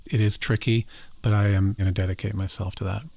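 A man hosting a storytelling podcast, speaking in a measured, sincere way. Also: on the low side, level tone, vocal fry, dark tone, no echo. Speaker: podcast host. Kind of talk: interview wrap-up and scripted narration.

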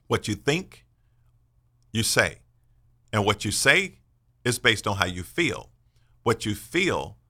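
A man's voice: on the low side, pushed and bright. A man in his sixties hosting a faith-based radio talk show, speaking earnestly and emphatically in a sermon-like way. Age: 60s. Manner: earnest, emphatic, personal testimony.

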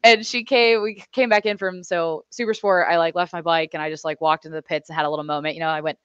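A young woman, a motorcycle racer, telling race stories in a chatty, animated way on a podcast. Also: fairly low pitch, fast talker, clear, resonant tone, no room sound, muffled recording. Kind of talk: casual storytelling interview.

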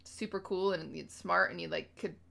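A young woman telling stories in casual chat as a podcast co-host, acting out quotes with lively energy. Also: lowish voice, moderate pace, gravelly. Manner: chatty storyteller, acts out quotes animatedly.

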